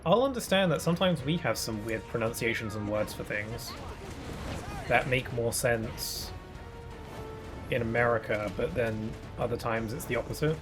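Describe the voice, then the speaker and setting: A man's voice: mid-range voice, moderate pace, music in the background. A man with a British accent, a gaming streamer, musing casually with rambling fillers while he plays.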